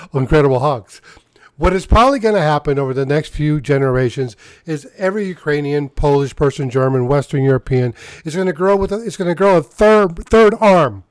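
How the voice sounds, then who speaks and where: A man's voice: a little high, no room sound. A man hosting his own channel, giving casual news commentary in a rambling, sarcastic way with frequent laughter and restarts. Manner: mocking and sarcastic, laughs often; rambling, restarts mid-sentence. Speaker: channel host.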